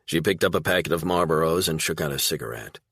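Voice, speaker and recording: A man narrating a crime thriller audiobook in a measured, dramatic reading. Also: rumbling low, vocal fry, fairly bright tone, husky, dry recording, studio quality. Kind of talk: scripted narration.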